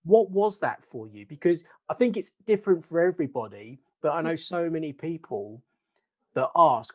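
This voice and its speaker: A man's voice: on the high side, expressive, normal speed. A man hosting a podcast over a video call, asking long, hesitant, rambling questions full of restarts. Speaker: podcast host and interviewer.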